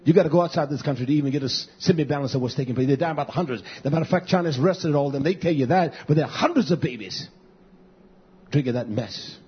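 A man preaching a fiery sermon, blunt and repetitive, swinging between shouts and low mutters, on a muffled lo-fi recording. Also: fast, husky.

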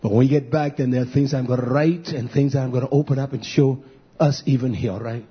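Husky fiery preacher man, dull audio. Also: steady tone. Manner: chanting, drawn-out cries, swings from shouts to low murmurs. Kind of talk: fiery sermon on a live stream.

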